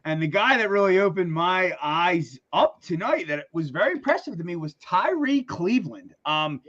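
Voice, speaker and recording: A man co-hosting a casual sports talk show, excitable, repeating words and saying "dude" often. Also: high voice, normal speed, muffled recording. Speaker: podcast co-host.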